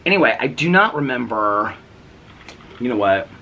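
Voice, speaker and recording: Chatty middle-aged man with a lively voice. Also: mid-range voice, normal speed, noisy background. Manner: chatty, gossipy storytelling with quoted dialogue. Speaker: vlogger. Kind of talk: casual daily vlog chat. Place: front porch outdoors.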